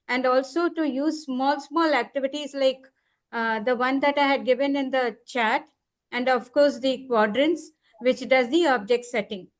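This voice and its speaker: A woman with a high voice runs an online training session, explaining each step patiently. She repeats key words and slows down to spell out her examples. The sound comes through a computer mic on a video call. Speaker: trainer leading an online workshop. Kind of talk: live online workshop instruction.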